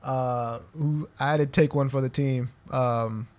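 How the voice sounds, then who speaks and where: A man's voice: mid-range voice, steady tone, measured pace, darkish tone. A man co-hosting a casual podcast, laid-back and chuckling as he hints at his own story. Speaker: podcast co-host. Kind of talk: casual chat.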